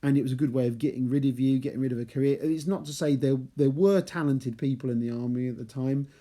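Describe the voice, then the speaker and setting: A man's voice: mid-range voice, fast, mellow. A man giving a chatty literature lesson, reading passages and explaining them with playful asides. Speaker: literature teacher. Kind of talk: chapter analysis lesson with read passages.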